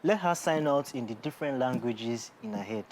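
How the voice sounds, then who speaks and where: A woman with a strikingly deep voice co-hosts a chat show. She puts her questions to the guest calmly and steadily. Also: moderate pace, a crowd in the background. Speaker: talk show co-host. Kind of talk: casual interview chat.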